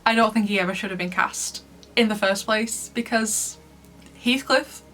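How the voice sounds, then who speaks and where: A woman's voice: mid-range voice, moderate pace, fairly bright tone, faint music behind. A woman from Lancashire giving a casual review commentary in a chatty way, laughing often between points. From Lancashire, England. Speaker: book reviewer.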